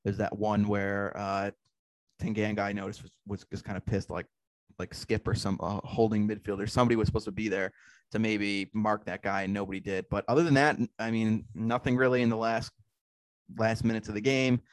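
A man's voice: on the low side, little pitch movement, fairly quick, dry recording. A man hosting a casual sports podcast, recapping the match in a laid-back, rambling way. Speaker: podcast host.

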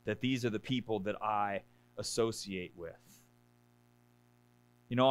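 A man's voice: a bit bright, no room sound. A man preaching a conversational sermon to a congregation, often checking in with "right?" and acting out whiny complaints. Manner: acts out complaining voices in a high whiny pitch. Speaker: pastor.

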